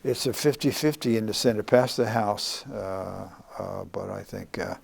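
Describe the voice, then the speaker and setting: Older man, earnest interviewee, halting delivery with frequent restarts. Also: on the low side, vocal fry, breathy edge. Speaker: former congressman, guest.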